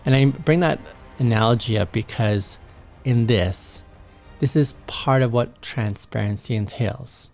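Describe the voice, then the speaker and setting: Earnest guy w/ a gravelly voice talking to men, acts out little back-and-forths. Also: medium pitch, a little slow, darkish tone, soft background music. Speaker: host. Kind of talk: motivational talk to men.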